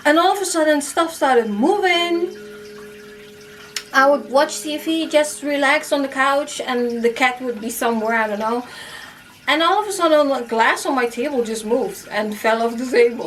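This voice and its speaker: A woman casually telling a personal ghost story to camera, animated and full of "like" fillers. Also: high-pitched, normal speed, far from the mic, low-quality recording. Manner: animated, acts out her own past reactions, many "like" fillers. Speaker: storytime YouTuber.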